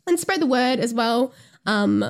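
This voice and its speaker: A woman's voice: a little high, very animated, unhurried. Gushing young woman podcast host. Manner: gushing, emotional, giggly. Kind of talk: casual podcast chat.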